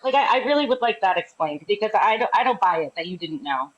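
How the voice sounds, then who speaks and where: A woman's voice: mid-range voice, expressive, fast talker. A woman in a casual live group chat, asking skeptical, probing questions. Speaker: live stream participant. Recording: dull lo-fi sound.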